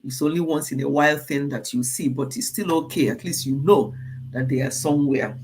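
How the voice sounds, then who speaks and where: An older woman, hosting a live stream and talking warmly and emotionally to her viewers. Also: extremely low pitch, brisk, husky. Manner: emotional, tearful at times, talks directly to commenters. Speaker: channel host.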